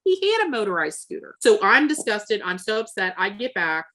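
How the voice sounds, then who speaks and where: A woman's voice: mid-range voice, moderate pace. A woman telling a long story as an interview guest, acting out the voices of the people she quotes. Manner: animated, acts out quoted exchanges. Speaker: interview guest, former seller.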